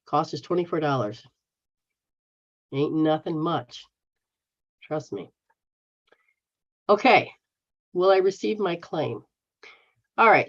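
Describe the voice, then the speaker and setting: Her voice on the low side and darkish in tone, an American spiritual healer from the United States answers viewers on a live stream. She's blunt, casual, and swears freely, over dull lo-fi stream audio.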